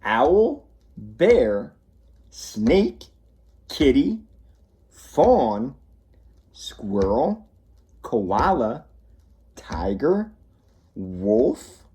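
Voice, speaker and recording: A man, a police officer, reading a children's picture book aloud to schoolkids in a slow, expressive storytelling voice. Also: medium pitch.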